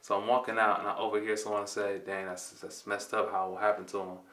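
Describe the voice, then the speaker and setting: A man's voice: on the low side, monotone, fast talker, fairly bright tone. A man in his twenties from Compton, California, telling a personal story in a laid-back, slangy way and acting out the dialogue. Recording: roomy, mic at a distance.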